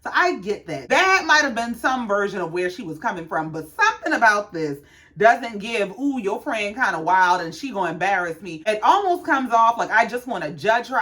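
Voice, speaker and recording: A woman's voice: on the high side, fairly bright tone. A woman recapping a reality show in a blunt, sassy, casual way, swearing freely.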